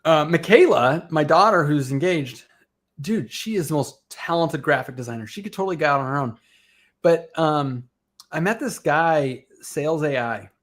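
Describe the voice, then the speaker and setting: A middle-aged man chatting as a podcast guest, telling lively stories and laughing often. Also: on the high side, normal speed. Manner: animated storytelling, laughs often. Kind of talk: casual chat.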